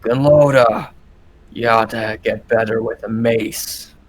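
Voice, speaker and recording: A man's voice: medium pitch, steady tone, slow, close to an everyday voice, poor audio. A man voicing a boisterous dwarf warrior who teases his sparring partner. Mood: jovial. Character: boisterous male dwarf warrior with a huge hammer.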